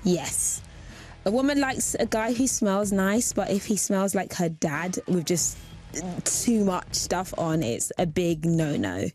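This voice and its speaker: A woman's voice: fairly low pitch, lively intonation, unhurried, darkish tone, soft background music. A young woman from England presenting a radio show, introducing songs and segments in a chatty, upbeat way. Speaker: guest radio host. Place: radio studio.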